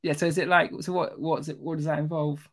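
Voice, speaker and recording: A British man, a guest author, chatting casually on a video call, with quick talk full of halting restarts. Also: a little high, flat delivery. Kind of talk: casual interview chat.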